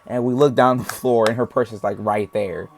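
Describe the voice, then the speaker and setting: A man's voice: on the low side, steady tone, moderate pace, gravelly, slight background noise. Young man rambling through a casual story. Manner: rambling, heavy slang, acts out voices. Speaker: storytime vlogger.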